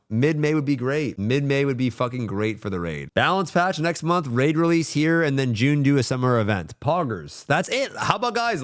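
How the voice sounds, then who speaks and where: A young man streaming, ranting casually and swearing a lot, swinging between grumbling and hyped excitement. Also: fairly high pitch, no echo, clean studio sound. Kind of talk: casual livestream rant.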